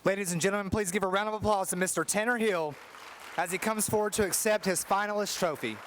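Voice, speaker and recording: A man's voice: high voice, fast talker, fairly bright tone, some chatter behind, slight background noise. A man emceeing an awards ceremony, formally announcing each honoree.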